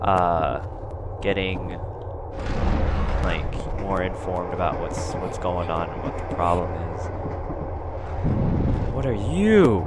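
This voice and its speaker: A young man doing let's play commentary on a horror game, chattering nervously and breaking into loud, panicked yelps. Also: low-pitched, heavy background noise. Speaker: gaming YouTuber. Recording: game music loud behind the voice.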